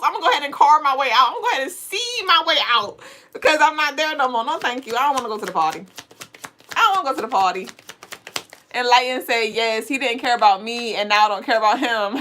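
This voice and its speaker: Woman host, fairly high voice, playful and slangy, laughs loud, casual livestream tarot reading. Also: animated, a little fast. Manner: playful, slangy, laughs loudly and often, reads chat aloud.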